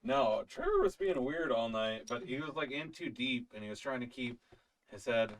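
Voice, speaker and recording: A man's voice: mid-range voice, very animated, normal speed. A young man on a podcast, telling a story in laid-back slang and trailing off mid-thought. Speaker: podcast co-host. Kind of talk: casual storytelling chat. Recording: voice distant from the mic.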